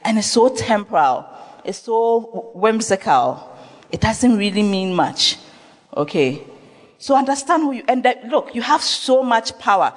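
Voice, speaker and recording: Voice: medium pitch, big pitch swings, measured pace. A pastor delivering an emphatic sermon, repeating phrases and firing rhetorical questions at the congregation. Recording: long reverb of a large hall.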